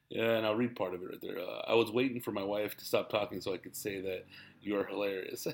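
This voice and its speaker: Gravelly laid-back man on a podcast. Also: sits low, a bit bright. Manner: laid-back, rambling, laughs a lot. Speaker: podcast host and stand-up comedian. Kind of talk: casual podcast monologue.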